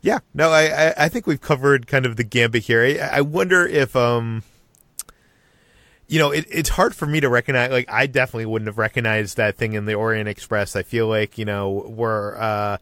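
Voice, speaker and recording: A man's voice: medium pitch, moderate pace, a bit bright, no echo, clean studio sound. A man from the United States hosting a casual podcast discussion, rambling and restarting his sentences. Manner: rambling, self-interrupting. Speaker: podcast host.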